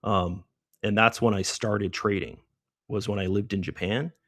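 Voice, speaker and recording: A man's voice: on the low side, fairly even intonation, a little slow, a bit bright, no echo, clean studio sound. A middle-aged man hosting a live trading stream, chatty and casual, who keeps checking in with "right?".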